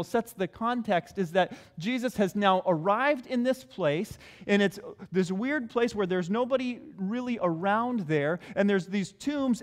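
A male pastor delivers a conversational sermon, repeating key phrases. His voice is high, and the recording carries a long hall reverb.

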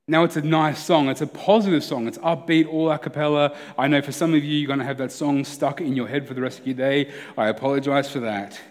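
A man's voice: medium pitch, fairly even intonation, fairly quick, few pauses, long reverb tail. A man preaching a sermon as a pastor, conversational and earnest, often restarting his sentences.

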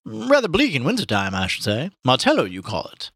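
A man reading aloud voices a polite, curious young gentleman in a prim, raised voice. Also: mid-range voice, wildly swooping pitch, brisk, husky, no room sound, studio quality, pitched above the performer's own voice, exaggerated voice.

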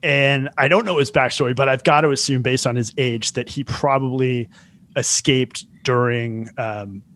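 A man's voice: mid-range voice, moderate pace, fairly bright tone, a little hiss or hum. A man in his forties telling a story in casual chat, rambling and self-mocking with lots of fillers. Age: 40s.

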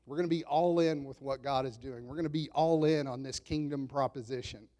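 A man in his thirties preaching a sermon in a relaxed, conversational storytelling way, self-deprecating and chuckling often. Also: medium pitch, a little fast. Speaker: pastor.

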